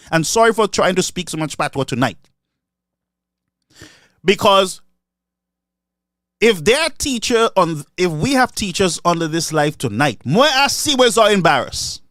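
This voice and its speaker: A man's voice: sits high, sing-song, a little slow, long pauses, a bit bright, no room sound, clean studio sound. A man with a Saint Lucian accent giving a mocking political commentary monologue, switching between English and Creole. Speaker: online commentator.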